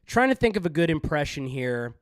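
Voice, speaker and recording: A man's voice: fairly high pitch, sing-song, fairly quick, clean tone, dry recording, clean studio sound. A man hosting a stream, rambling with crude jokes and lots of fillers. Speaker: stream host. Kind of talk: casual stream banter.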